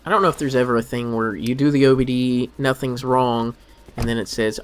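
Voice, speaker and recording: A man's voice: medium pitch, steady tone, brisk, slight background noise. A man who works as a car mechanic commentating on a game, muttering to himself in a wry, exasperated way. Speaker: gameplay commentator. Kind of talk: let's play commentary.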